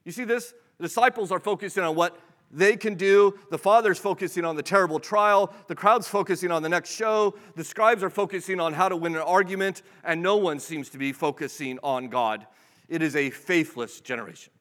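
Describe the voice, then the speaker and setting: A man's voice: high-pitched, brisk, a bit bright. Man preaching, echoing through a hall. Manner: conversational, asks the listeners rhetorical questions; often repeats words as he restarts. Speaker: pastor. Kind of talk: sermon. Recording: long reverb of a large hall.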